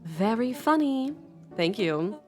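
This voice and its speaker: A woman's voice: on the high side, very animated, slow, faint music behind, pitched above the performer's own voice. A woman voicing a sulky, sarcastic teenage girl in a story game.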